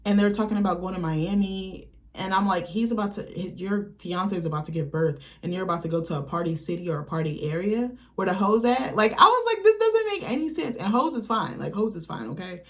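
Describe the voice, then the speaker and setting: A woman's voice: lowish voice, fairly quick. A woman talking straight to camera as a vlogger, giving blunt, candid and profane opinions in a loose, chatty way. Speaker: vlogger, channel host. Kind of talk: casual opinion commentary.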